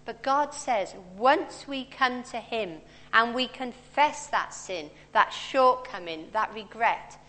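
A woman's slightly high, bright and forceful voice moves slowly with lively intonation and few pauses as she preaches. Her sermon is conversational and anecdotal, delivered in a large church hall on a handheld or stand mic, with long reverb.

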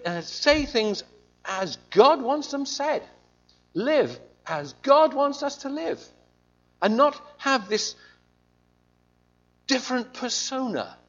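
A man preaching a sermon in an animated, conversational storytelling way, on a slightly muffled recording. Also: high-pitched.

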